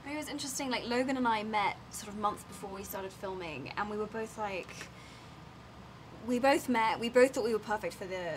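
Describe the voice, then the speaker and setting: A young woman, an actress, chatting quickly and gushingly in a press interview. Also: medium pitch. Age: young adult. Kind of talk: casual press-junket chat. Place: hotel room at a press junket. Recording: noisy room ambience.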